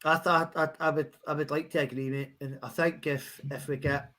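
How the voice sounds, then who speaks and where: A man's voice: fairly high pitch, little pitch movement, a bit bright. A Scottish man chatting on a football podcast, swearing freely and stumbling over restarts. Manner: sweary, halting with many restarts. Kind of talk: casual post-match chat.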